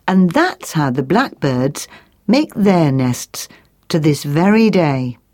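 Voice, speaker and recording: Slow, lilting woman storyteller. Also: low-pitched, a little mellow. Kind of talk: storybook reading.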